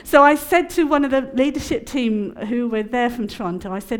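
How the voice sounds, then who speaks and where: Animated woman giving testimony. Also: fairly high pitch, a little fast, few pauses. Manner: animated, laughing, chatty storytelling. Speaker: conference speaker. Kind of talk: personal testimony and teaching talk.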